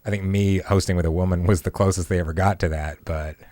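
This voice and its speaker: A man in his thirties co-hosting a podcast, chatting casually with deadpan jokes. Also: sits low, quick pace, no room sound. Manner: joking, deadpan asides. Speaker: podcast co-host. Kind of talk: casual chat.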